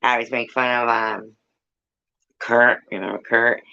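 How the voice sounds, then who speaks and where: A woman's voice: a bass voice, fairly even intonation, unhurried, gravelly, pushed and bright, muffled recording. A woman hosting a live stream, chatting with viewers in a rambling, swearing, casual way. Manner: rambling, swears a lot, sings snatches. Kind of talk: casual chat.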